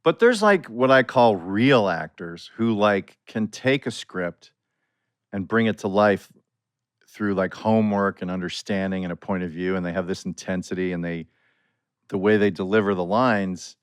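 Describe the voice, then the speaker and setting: A middle-aged man, a comedic actor, talking relaxed and at length as a podcast guest. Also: low-pitched, normal speed, clean tone, dry recording, clean studio sound. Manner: relaxed, explains at length with many "like" fillers. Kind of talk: casual chat.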